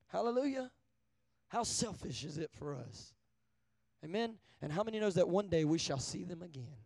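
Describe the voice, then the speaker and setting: A man preaching a sermon, asking the crowd for an amen, swinging from hushed to loud. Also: sits high, expressive, moderate pace, gravelly, no room sound. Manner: call-and-response, asking amen often; shifts between hushed and loud.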